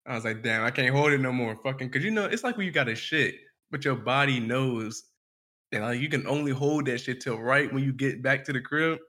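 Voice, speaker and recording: A man's voice: mid-range voice, a little fast, sharp tone. A man co-hosting a podcast, telling a story in laid-back casual chat, full of slang and swearing. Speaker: podcast co-host.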